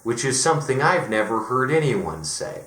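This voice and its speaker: A man's voice: medium pitch, very animated, moderate pace, fairly bright tone, echoey room. A man from Denver ranting through a profane, exasperated video essay. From Denver, Colorado.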